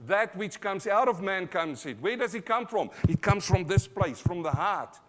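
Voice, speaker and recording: A man with an Australian accent preaching a sermon live in church, emphatic, calling out to the congregation, swinging from loud to quiet. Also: sits high, expressive, normal speed. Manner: emphatic, call-and-response preaching. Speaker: pastor.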